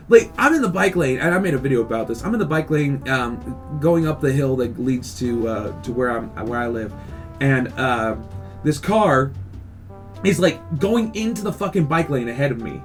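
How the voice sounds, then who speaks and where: A man's voice: fairly high pitch, brisk, soft background music. A man hosting a casual podcast, rambling and ranting with lots of swearing. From California. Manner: rambling, animated rants with profanity. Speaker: podcast host.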